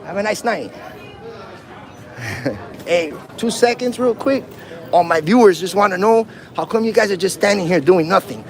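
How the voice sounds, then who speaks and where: Over a faint crowd, a man with a high, gravelly voice audits police on a livestream, filming outdoors in a city on a handheld phone. His intonation is lively and his speed normal, though he pauses often. As a first amendment auditor, he taunts and provokes in slang during this street confrontation.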